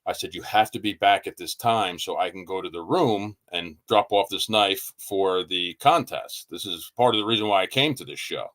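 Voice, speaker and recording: A man's voice: low voice, moderate pace, few pauses, a bit bright. A man telling stories in casual podcast chat, swearing freely and acting out what people said. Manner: swears freely, tells stories with quoted asides. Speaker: knife maker guest.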